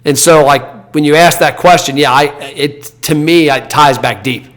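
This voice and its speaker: A man in his thirties, a podcast host, telling a story in a blunt, animated, casual way. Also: fairly high pitch, moderate pace. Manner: animated, blunt, acts out quoted dialogue.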